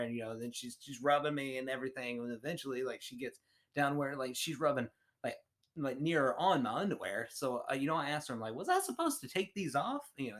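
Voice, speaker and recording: A man co-hosting a podcast, telling stories in casual chat, animated and laughing often. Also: mid-range voice. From United States. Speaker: podcast co-host.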